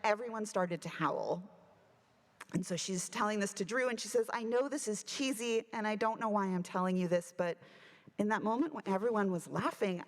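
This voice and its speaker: A woman minister giving a sermon, telling a story with animated delivery and acting out the voices she quotes. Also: mid-range voice, a little fast. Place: church sanctuary. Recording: long church reverb.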